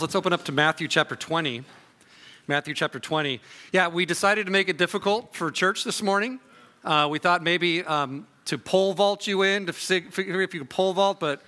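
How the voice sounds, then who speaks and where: High, bright-voiced male preacher. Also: a little fast. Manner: relaxed, joking asides before earnest teaching. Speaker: guest preacher. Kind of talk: sermon with scripture reading. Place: church sanctuary.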